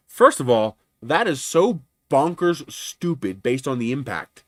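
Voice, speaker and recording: Animated, profane man telling a story. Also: mid-range voice, unhurried, no echo. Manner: animated, profane, acts out both sides of phone calls. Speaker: livestream host. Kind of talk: casual storytelling on a livestream.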